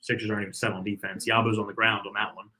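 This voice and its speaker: A man co-hosting a fan watch-party stream, giving excitable, chatty play-by-play of a live game. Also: lowish voice, racing. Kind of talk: casual live game commentary.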